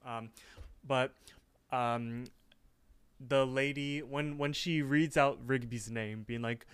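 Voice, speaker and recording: Crisp, dry-sounding male podcast co-host. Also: mid-range voice, fairly even intonation, measured pace, no echo. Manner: conversational, jokey asides. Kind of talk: casual episode recap. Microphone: online voice call.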